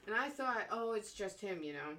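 A young woman co-hosting a casual chat, animated, laughing often and swearing constantly. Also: medium pitch, moderate pace. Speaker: podcast co-host.

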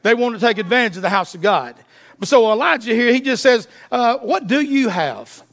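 A man pastor preaching a sermon, asking the congregation questions and dropping to a soft low voice for emphasis. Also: brisk. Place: church.

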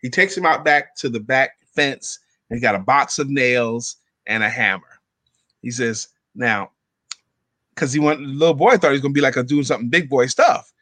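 A man's voice: medium pitch, normal speed, dry recording. A man telling a parable on a live show, acting out the voices in his quotes. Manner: animated storyteller acting out quotes. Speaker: guest. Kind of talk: storytelling a parable.

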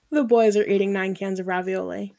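A woman in her thirties hosting a faith podcast. She speaks in a chatty, affirming way, asking questions and making quick asides. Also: mid-range voice, lively intonation, creaky, darkish tone. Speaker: podcast host. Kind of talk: casual faith podcast conversation.

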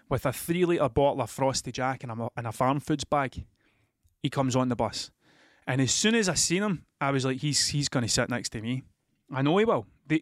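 A man's voice: mid-range voice, no room sound, clean studio sound. A Scottish man telling a rambling, sweary story in casual monologue, laughing often as he goes. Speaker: podcast host.

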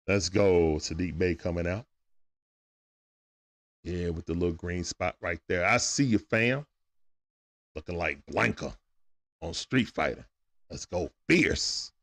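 A man with a low voice that swings up and down as he reacts, calling a game live and tossing slangy asides to his viewers. His delivery is casual and excitable. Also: slow pace, long pauses. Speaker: live-stream game commentator. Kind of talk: casual play-by-play commentary with viewer chat.

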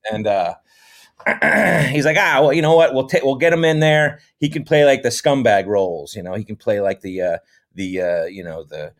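A man's voice: mid-range voice, moderate pace. Man, middle-aged, from the US, casual interview guest, loose anecdotes, filler-heavy. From American. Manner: relaxed, rambling, many fillers. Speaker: podcast guest, comedy actor.

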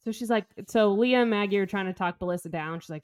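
A woman talking casually with a co-host about a novel, recapping scenes. She acts out the characters' lines with quick, animated voices as she tells the story. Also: fairly low pitch, clean tone. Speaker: podcast co-host. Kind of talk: casual book-club chat, retelling chapters.

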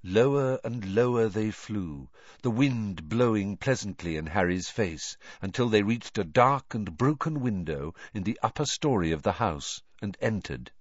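A low-voiced man reading a storybook aloud, with a lively, swinging delivery. He tells it with dramatic expression. The recording is dull and dry. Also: a little slow, no echo. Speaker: audiobook narrator. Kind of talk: scripted narration.

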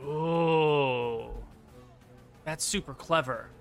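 A man's voice: a little high, extremely slow, faint music behind. A man running a tabletop game as game master, chatting casually in a musing, rambling, easygoing way.

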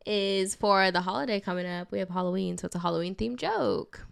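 A woman's voice: medium pitch, brisk, creaky, clear, resonant tone, no echo. A woman co-hosting a podcast in casual chat, telling jokes and laughing often. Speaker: podcast co-host.

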